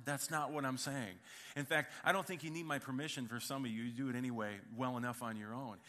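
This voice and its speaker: Guy preaching in church, bright clear voice, jokey and chatty with the crowd. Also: medium pitch, steady tone, fast talker. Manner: humorous, conversational, addresses congregation directly. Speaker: pastor. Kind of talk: sermon with storytelling.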